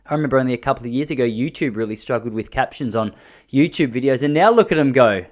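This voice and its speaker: An Australian man in his thirties hosts a podcast and tells comic stories as a monologue. His voice sits in a mid range, and he rambles and restarts as he goes. His pitch and loudness jump suddenly between stretches of plain talk. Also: expressive, quick pace. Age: 30s. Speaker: podcast host. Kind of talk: comedic storytelling monologue.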